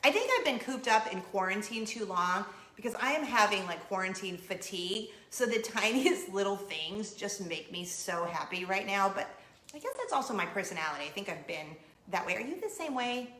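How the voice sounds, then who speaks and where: A woman in her forties hosting a casual vlog, telling giddy stories with animated acted-out quotes. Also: medium pitch, normal speed, roomy sound. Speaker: vlog host. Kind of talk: casual chat to camera. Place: home in Orlando.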